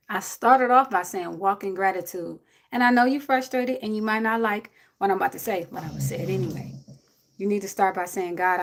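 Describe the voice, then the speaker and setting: A woman, giving blunt, preachy advice to a viewer on a casual livestream. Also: mid-range voice. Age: 40s.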